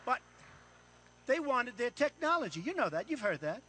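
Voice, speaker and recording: A man's voice: very high voice, sing-song, moderate pace, bright, forceful tone, slight background noise. An American man giving a boastful, repetitive off-the-cuff speech to an audience in an event room. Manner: boastful, repetitive, punchy phrases. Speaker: paid speaker.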